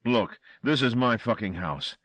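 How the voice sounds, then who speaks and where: A man's voice: on the low side, lively intonation, normal speed, dry recording, pitched above the performer's own voice. A man reading an audiobook voices a frightened male chauffeur who blusters and pleads.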